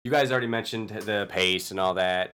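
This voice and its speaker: A man's voice: fairly low pitch, fairly quick, pushed and bright, clear, resonant tone. A man on a film podcast sharing thoughtful opinions in casual chat. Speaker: podcast co-host.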